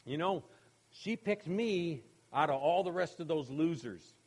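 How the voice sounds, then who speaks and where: A man's voice: a little high, animated, unhurried, breathy edge. A man preaching a sermon in a conversational way, often asking "okay?" and acting out funny anecdotes. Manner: conversational, many "you know" and "okay?" asides; acts out quoted voices in humorous anecdotes, laughing. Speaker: pastor.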